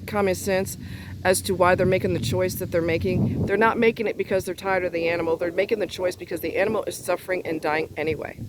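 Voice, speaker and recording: Woman venting on her vlog, swearing a lot, heated and blunt, faint traffic behind. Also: medium pitch. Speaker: vlogger. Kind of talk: angry personal rant.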